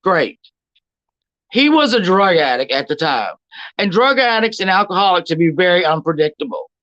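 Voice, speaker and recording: A woman's voice: on the low side, sing-song, normal speed, fairly bright tone. Blunt, profane woman ranting. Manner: blunt and profane, ranting, greets chat viewers. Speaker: livestream host. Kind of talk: casual livestream commentary. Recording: dull lo-fi stream audio.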